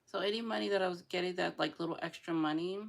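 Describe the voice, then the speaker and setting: Young woman rambling to camera, kinda gravelly, laughy and teary. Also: on the low side, quick pace. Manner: rambling, emotional, tearful laughing confessions. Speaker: vlogger. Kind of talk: casual chat.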